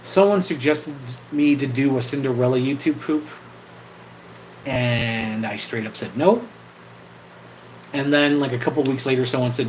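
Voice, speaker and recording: A man's voice: medium pitch, normal speed, pauses often, darkish tone, slight background noise, rough recording. A man chatting casually on an impromptu livestream, rambling, swearing now and then, and reacting to viewer comments. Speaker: live streamer and video maker.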